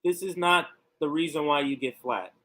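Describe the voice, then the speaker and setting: Male livestream host, high and bright, combative with rhetorical questions. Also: normal speed. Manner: argumentative, pointed rhetorical questions. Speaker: political commentary host. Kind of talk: livestream commentary reacting to clips.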